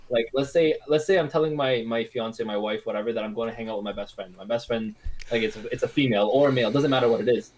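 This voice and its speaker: A man's voice: medium pitch, fast, darkish tone, low-quality recording. A man chatting casually on a podcast, earnestly reasoning through hypotheticals. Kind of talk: casual chat.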